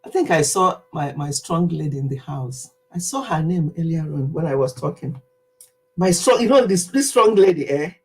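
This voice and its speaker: A middle-aged woman with a Nigerian accent chats loosely on a livestream, teasing her viewers and laughing easily. Her voice has a breathy, husky edge. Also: deep voice, expressive, moderate pace, poor audio. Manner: chatty, teasing, laughs often while reading out viewers. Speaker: livestream host. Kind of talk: casual livestream chat.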